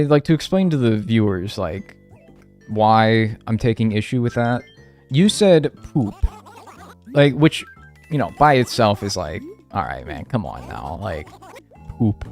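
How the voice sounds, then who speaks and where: A man's voice: fairly low pitch, expressive, a little slow, pauses often, a little mellow, soft background music. A man streaming a video game, chatting casually with his viewers and ranting in mock seriousness. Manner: talks to chat, mock-serious rants. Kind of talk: casual livestream chat.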